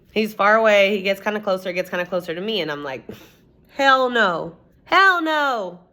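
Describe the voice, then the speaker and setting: A woman's voice: mid-range voice, a bit bright. A young woman vlogger telling a personal story in a rambling, casual way, swearing often and saying "like" a lot.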